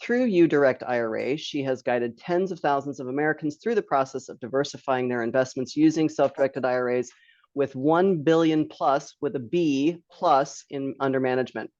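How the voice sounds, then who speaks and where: A woman's voice: extremely low pitch, moderate pace, darkish tone, no echo. Webinar host, woman, chatty and loose with laughing asides; dry, muffled video-call sound. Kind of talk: casual live webinar hosting. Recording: dull lo-fi dry online stream.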